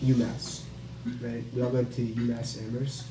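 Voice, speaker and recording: A man's voice: medium pitch, level tone, normal speed, echoey room. A young man hosting a podcast, asking questions in an easygoing, joking way. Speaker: podcast host. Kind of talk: casual interview chat. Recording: noisy recording with hum.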